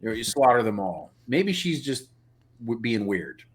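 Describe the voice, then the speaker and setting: A man co-hosting a casual show-review chat, animated and exasperated, mocking scenes in put-on voices. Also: mid-range voice, normal speed, slight background noise. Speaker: podcast co-host.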